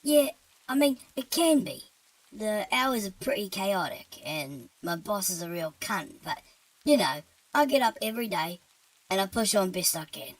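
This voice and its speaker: A woman's voice: medium pitch, sing-song, measured pace, slightly rough, rough recording. A woman doing a tired, laid-back British demon. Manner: casual, offhand, tired. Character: weary, easygoing male demon on the job. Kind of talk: horror-comedy story narration.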